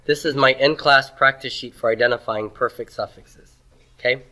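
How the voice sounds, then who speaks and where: A man teaching a Hebrew grammar lesson, asking questions and answering them himself, and sounding out words slowly. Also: medium pitch, fairly even intonation, sharp tone. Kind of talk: classroom lecture.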